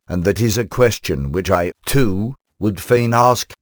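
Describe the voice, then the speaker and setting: A man with a low voice delivers a sermon in formal, old-fashioned phrasing. He reads at a measured pace, and the recording is dry and close, with no room sound. His tone stays steady and earnest. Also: no echo. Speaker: preacher. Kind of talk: sermon reading.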